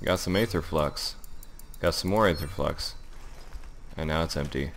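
Low-voiced man narrating his gameplay. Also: moderate pace, slight background noise. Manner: excitable, thinking aloud while playing. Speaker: gaming channel host. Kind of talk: let's-play commentary.

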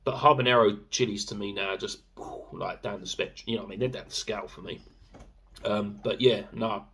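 A man's voice: lowish voice, fairly quick, pushed and bright, husky. A young man chatting casually in a sauce review vlog, rambling with fillers and swearing freely. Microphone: camera mic.

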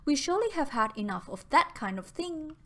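A woman reading the part of a sensible young woman in an audiobook, firm and gently chiding. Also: sits high, big pitch swings, brisk, pitched above the performer's own voice. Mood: brisk. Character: brisk, sensible young woman, kindly teasing.

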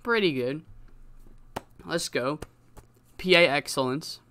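A man's voice: fairly high pitch, lively intonation, takes it slowly, bright, forceful tone. A man giving casual, rambling commentary on a wrestling game, swearing often. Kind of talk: casual let's-play commentary.

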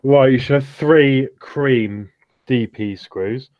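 A man's voice: medium pitch, slow pace, no room sound, highs cut off. A man co-hosting a build stream, reading out parts and instructions in a brief, matter-of-fact way.

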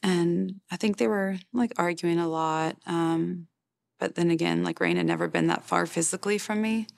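A grieving mother in her forties gives personal testimony in a documentary interview, her deep voice heavily gravelly and her tone steady. She tells her story plainly and haltingly, full of fillers and restarts. The recording is dry and close, with no room sound.

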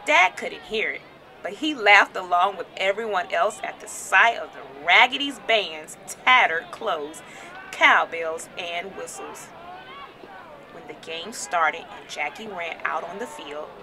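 A woman teacher reading a children's storybook aloud with expressive, animated storytelling. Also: mid-range voice, unhurried, some chatter behind, slight background noise.

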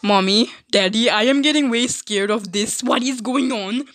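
A woman's voice: on the high side, normal speed, a bit bright, no room sound, studio quality, natural voice. A woman voicing a scared little doll child who whines and pleads with its parents. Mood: scared pleading.

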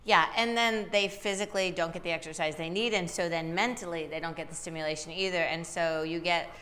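Low-voiced woman dog trainer. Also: fairly quick. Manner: lively, acts out dog and owner voices. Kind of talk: live Q&A advice.

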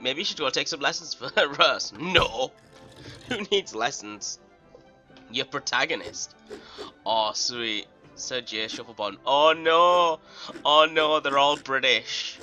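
A young man giving casual, excitable let's play commentary, swearing and giggling often. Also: medium pitch, measured pace, highs cut off. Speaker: gaming YouTuber. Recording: game music under voice.

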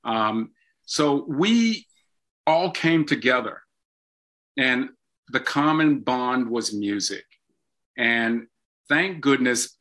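Older guy guest on an interview, bright tense voice, tells stories lively w/ lots of ums. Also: medium pitch. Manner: animated storyteller with frequent ums. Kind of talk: storytelling in an interview.

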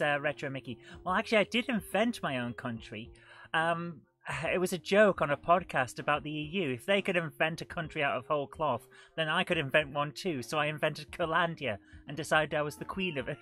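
A woman with a deep yet slightly bright voice chats her way through a live retro game stream, offering gameplay commentary. She pokes fun at herself and greets viewers in the chat, all while coughing and short of breath.

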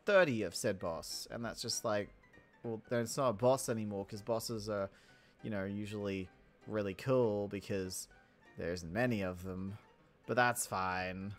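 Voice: low-pitched, measured pace, faint music behind. A video game creator giving casual, rambling commentary full of jokes and self-interruptions while building. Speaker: Minecraft let's play creator.

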